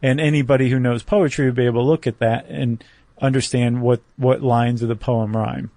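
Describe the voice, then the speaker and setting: A man's voice: medium pitch, fairly even intonation, brisk, mellow, dry recording. A man co-hosting a podcast, explaining things step by step in a chatty, self-deprecating way. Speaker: podcast co-host. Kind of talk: casual explanatory chat.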